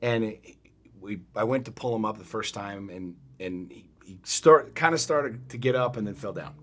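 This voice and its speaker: A middle-aged man co-hosting a podcast, telling a story in a blunt, profane, animated way. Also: fairly low pitch, moderate pace. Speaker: podcast co-host. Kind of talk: casual chat.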